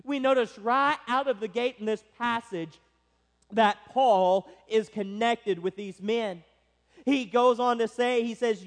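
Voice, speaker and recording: High-voiced man preaching in a reverberant hall. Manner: emphatic preaching, slowing and stressing key words. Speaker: pastor. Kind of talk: sermon. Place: church sanctuary.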